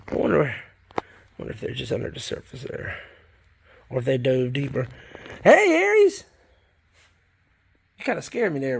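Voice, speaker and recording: Folksy Southern man with a gravelly voice. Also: medium pitch. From South Carolina, US. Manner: folksy, rambling, talks to viewers as y'all. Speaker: worm farmer vlogger. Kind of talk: casual vlog chat while working. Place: garden shed.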